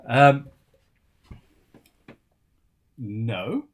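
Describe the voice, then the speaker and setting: A tired man hosts a live Q&A in a slightly low voice. He talks in a loose, rambling way and pokes fun at himself. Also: unhurried. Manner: rambling, chatty, self-deprecating. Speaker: luthier hosting a live Q&A. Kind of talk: casual live-stream Q&A.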